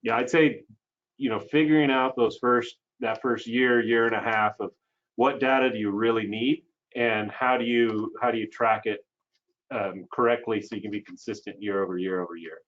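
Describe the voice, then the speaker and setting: A man on a sheep ranch panel talking in a relaxed, rambling way with plenty of fillers, heard over a video call. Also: lowish voice, moderate pace. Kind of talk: casual panel talk. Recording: muffled video call audio.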